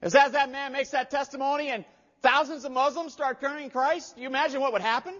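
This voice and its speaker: A male pastor preaching a sermon, telling a story and building to loud, emphatic peaks. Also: very high-pitched, steady tone, quick pace. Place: church sanctuary. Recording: dull lo-fi audio with long hall reverb.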